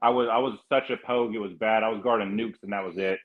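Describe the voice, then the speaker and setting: A man's voice: lowish voice, steady tone, fast, phone-quality sound. A man from California hosting a casual panel chat, rambling and restarting his sentences often. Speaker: podcast host.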